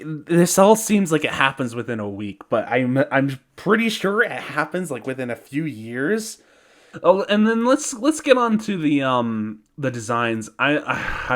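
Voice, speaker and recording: A man giving a casual ranting review, profane and exasperated, often breaking into laughter. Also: a little high. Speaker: video reviewer.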